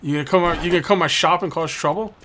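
Man, let's play host, casual jokey commentary, higher-pitched, talks to the customers on screen. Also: very fast, a bit bright. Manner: jokey, chats with game customers.

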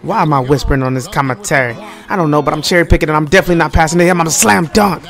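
A man's voice: on the high side, very fast, fairly bright tone, soft background music. A young man casually commenting over his own basketball video game, trash-talking opponents and laughing between plays. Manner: playful trash talk, laughs often, rhyming banter. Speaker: gaming commentator.

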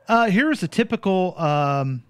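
A man hosting a casual radio talk show, relaxed and introducing clips with quick asides. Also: high-pitched, clean tone, no echo. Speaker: radio host.

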